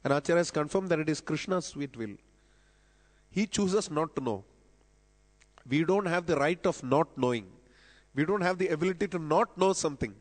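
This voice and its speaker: A man's voice: on the high side, lively intonation, normal speed, pauses often. A man giving a devotional lecture at a temple festival, explaining scripture and quoting verses with rising emphasis. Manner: explanatory, quotes scripture with rising emphasis, coughs now and then. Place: temple hall. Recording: long reverb of a large hall.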